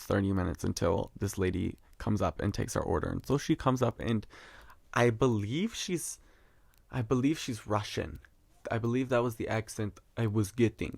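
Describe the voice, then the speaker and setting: A man's voice: medium pitch, animated, moderate pace, creaky, no room sound, clean studio sound. A young man hosting a podcast, telling a story in a chatty, dramatic, slangy way with plenty of swearing. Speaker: podcast host. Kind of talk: casual storytelling monologue.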